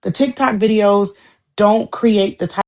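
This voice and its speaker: A woman's voice: mid-range voice, steady tone, a little slow, darkish tone. A woman co-hosting a podcast, talking in a heated, profane, repetitive way in casual chat. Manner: heated, profane, repeats herself.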